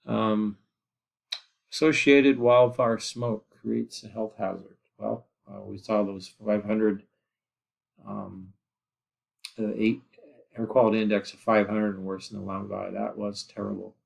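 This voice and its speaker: A man's voice: fairly low pitch, flat delivery, measured pace, creaky. A man teaching a geography class in a recorded lecture, rambling with lots of fillers and asides. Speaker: geography instructor.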